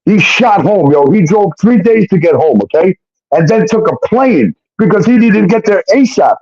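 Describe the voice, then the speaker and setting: A man's voice: high-pitched, lively intonation, moderate pace, a little mellow, slightly rough. A man telling a personal story in a heated, casual way, acting out what others said and swearing often. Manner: heated, swearing, acts out quotes. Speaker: guest telling his story. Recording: dull lo-fi sound.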